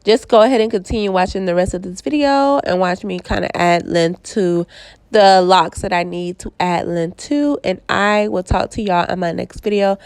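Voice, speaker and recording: Congested with a cold, a young Southern US woman talks casually through her hair tutorial as a stylist vlogger, often asking "okay?". Her mid-range voice is smooth with a darkish tone at a normal speed. There's no room sound.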